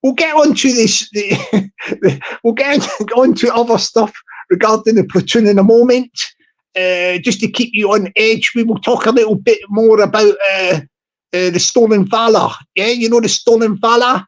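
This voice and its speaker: A man's voice: high voice, moderate pace. A man hosting a vlog, talking in a rambling, jokey comic monologue with lots of repetition. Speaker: channel host.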